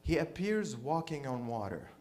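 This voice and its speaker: Animated irreverent stand-up comedian man. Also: mid-range voice, normal speed. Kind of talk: stand-up routine.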